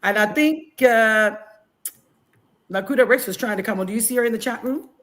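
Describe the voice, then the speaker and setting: A woman's voice: fairly high pitch, moderate pace, fairly bright tone. A woman from Liberia who lives abroad, giving earnest, emotional closing remarks as a guest on a video call talk show.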